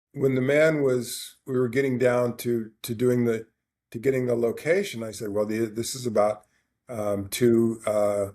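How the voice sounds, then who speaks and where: A podcast co-host with a lowish, slightly mellow voice tells a long personal story in a casual, rambling way. He keeps restarting his sentences and quotes dialogue as the anecdote wanders on.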